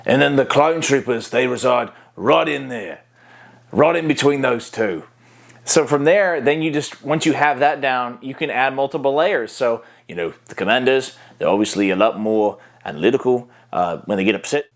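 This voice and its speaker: A man with a gravelly, fry-tinged voice walks through a voice acting lesson in a relaxed tutorial tone. He explains things plainly and easily, slipping into quick character demos along the way. His pitch sits in a middle range for a man. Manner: easygoing, explanatory, breaks into voice demos. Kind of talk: casual how-to tutorial.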